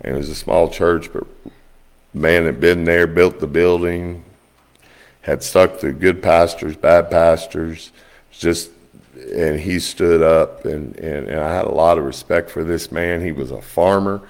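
A pastor with a deep, gravelly voice tells stories from the pulpit. His delivery is folksy and animated, with plenty of fry at the ends of phrases. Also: measured pace. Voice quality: low gravelly voice. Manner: folksy, animated storytelling, rising high when quoting others. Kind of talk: storytelling sermon.

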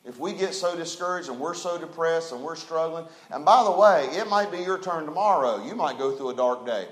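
High-voiced pastor preaching in an echoey room. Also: male voice, expressive. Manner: preaching with rising intensity, drawn-out emphatic phrases. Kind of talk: sermon.

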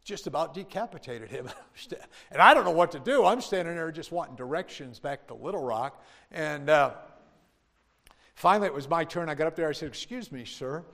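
A man's voice: fairly high pitch, moderate pace, creaky. Older man telling stories in a reverberant hall. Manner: lively storyteller, laughs through his tales, drops in "praise God". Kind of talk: humorous sermon testimony. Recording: long reverb of a large hall.

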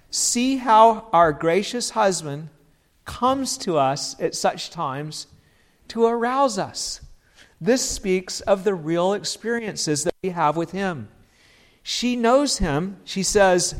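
A man preaching an expository sermon in an earnest voice, acting out quoted lines and dropping low and quiet at times.

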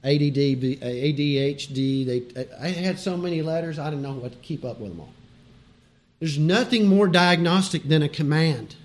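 A man's voice: on the high side, moderate pace. A man preaching a sermon in a conversational, emphatic way, with chuckles between his points.

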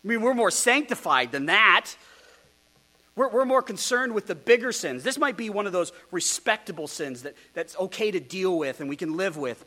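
A male pastor working through a sermon text, his voice sitting slightly high and ranging up and down with emphasis. He talks in an animated, rhetorical way and drops in ironic asides. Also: normal speed. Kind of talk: expository sermon.

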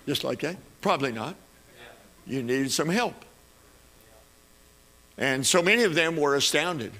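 A man's voice: fairly high pitch, expressive, normal speed, sharp tone. A man preaching a sermon, building to emphatic peaks and repeating phrases as he goes.

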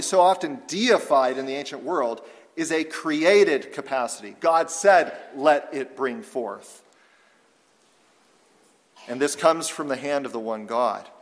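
A man preaching an expository sermon, measured and emphatic, slowing down to read scripture aloud. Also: fairly high pitch. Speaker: pastor. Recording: long hall reverb.

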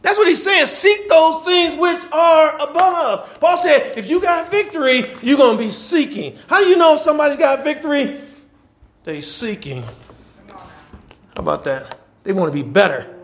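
A man, a pastor preaching a sermon in a church, repeating phrases and building to shouts. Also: extremely high pitch, big pitch swings, normal speed. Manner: repetitive call-and-response preaching, swelling to shouts.

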